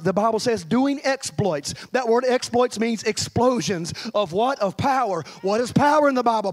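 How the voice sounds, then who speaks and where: A male pastor with a notably high-pitched voice delivers his sermon. His preaching is impassioned and plain-spoken, with an everyday, colloquial turn of phrase. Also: normal speed, darkish tone.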